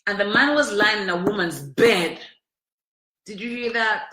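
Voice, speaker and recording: A woman's voice: medium pitch, a little slow, bright, forceful tone, roomy sound. A woman hosting a podcast, telling a personal story in an emotional, emphatic way, with lots of repetition. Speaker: podcast host.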